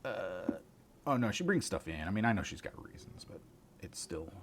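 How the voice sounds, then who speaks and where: Deep-voiced man chatting casually on a stream. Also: big pitch swings, moderate pace, a little hiss or hum. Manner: rambling, swearing, chuckling, mutters asides. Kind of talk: casual livestream chat.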